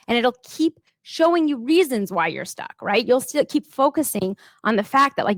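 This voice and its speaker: A woman's voice: high-pitched, expressive, a little fast, no room sound. A woman in her thirties giving a casual motivational talk as a coach, chatty and peppered with "like" and "right?".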